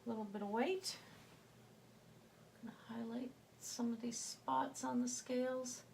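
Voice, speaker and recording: A woman's voice: fairly high pitch, steady tone, unhurried, gravelly, a little mellow, slight background noise. A woman with a slight Southern US accent, giving a chatty painting tutorial and thinking aloud as she works, sometimes dropping to a murmur. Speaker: painting instructor.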